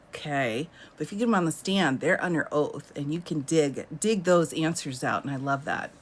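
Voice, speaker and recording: A woman's voice: sits low, animated, normal speed. Chatty, laughing woman live-streaming. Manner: chatty, laughs often, reads out viewer comments. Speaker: livestream host. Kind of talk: casual live-stream chat.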